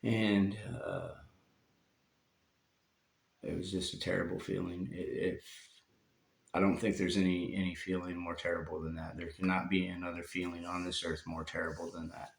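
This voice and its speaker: Deep gravelly man telling a hard story. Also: flat delivery. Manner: halting and heavy, with long pauses and fillers. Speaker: vlogger telling his life story. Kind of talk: personal storytelling. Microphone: phone. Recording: roomy phone recording.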